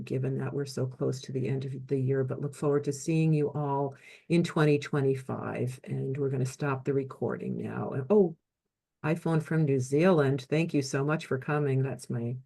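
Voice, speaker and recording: Woman host, mellow dark tone, gracious, loose with fillers, video call. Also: extremely low pitch, fairly even intonation, normal speed, creaky, slightly rough. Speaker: host and moderator. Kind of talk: webinar wrap-up and thanks.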